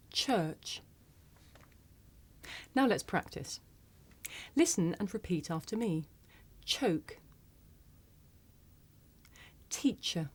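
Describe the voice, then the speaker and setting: Slow, deliberate British woman teacher. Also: medium pitch, darkish tone. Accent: British English. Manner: clear, deliberate, over-articulated demonstrations. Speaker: pronunciation teacher. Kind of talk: slow scripted pronunciation lesson.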